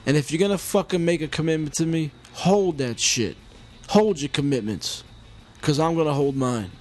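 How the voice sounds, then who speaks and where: A man in his forties rants through his own podcast, swearing freely and restarting his sentences as he gets worked up. His voice sits on the high side for a man. He talks close into a home mic. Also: normal speed, a little mellow. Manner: rambling, heated, heavy swearing and restarts. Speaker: podcast host. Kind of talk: casual profane monologue. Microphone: mic with homemade pop filter.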